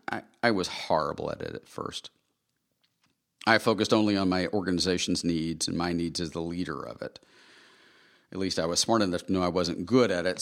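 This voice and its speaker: A man narrates his own book in a very low voice with a gravelly edge. His delivery is earnest and conversational, like someone telling a story from his own working life. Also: fairly bright tone. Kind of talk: scripted audiobook narration.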